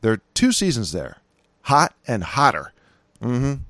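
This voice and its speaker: A middle-aged man with a Californian accent hosting his own podcast, talking in a folksy, chatty way with lively emphasis. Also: mid-range voice, a little slow, dry recording. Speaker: podcast host. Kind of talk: casual solo podcast talk.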